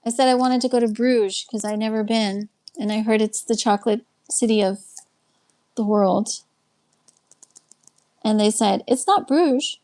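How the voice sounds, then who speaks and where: A woman's voice: medium pitch, little pitch movement, unhurried, pauses often, dark tone. A Texan woman hosting a casual live stream, chatting and greeting viewers as she answers their comments one by one. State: winding down, a little tired. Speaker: live stream host and life coach. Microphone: webcam.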